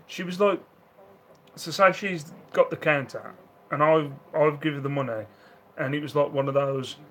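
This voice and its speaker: At home on a live stream, a man who resells second-hand goods chats casually, reads out viewer comments, laughs a lot, and acts out the voices of people in his stories. His voice is mid-range, and the low-quality recording carries a little hiss or hum.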